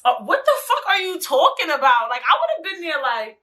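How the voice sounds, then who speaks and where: A woman hosting her own podcast, talking alone in a casual, animated, profane way with lots of slangy asides. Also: very high voice, normal speed, hardly any pauses. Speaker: podcast host. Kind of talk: casual solo podcast monologue.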